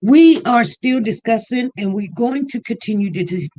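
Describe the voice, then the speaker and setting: In an easygoing livestream chat, the host welcomes viewers individually by name, taking his time and encouraging them to call in. He has a warm, expressive, medium-pitched voice.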